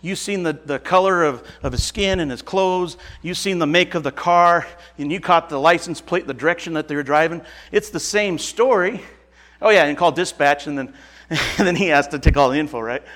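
A man's voice: on the high side, a little fast, fairly bright tone. A man from Nebraska giving an informal sermon, retelling a Bible story in a casual, folksy way with frequent restarts. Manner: casual and folksy, chuckles and self-corrects often. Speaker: preacher.

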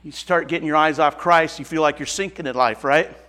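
Man from Nebraska, casual folksy sermon, slightly high voice, relaxed storytelling. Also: brisk. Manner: casual and folksy, chuckles and self-corrects often. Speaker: preacher. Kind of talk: informal sermon retelling a Bible story.

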